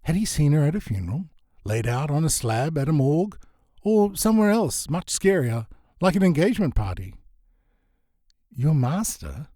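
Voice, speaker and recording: Male audiobook narrator, animated comic read, close dry sound. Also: fairly high pitch, fairly quick, dry recording. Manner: lively comic storytelling. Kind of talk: scripted narration.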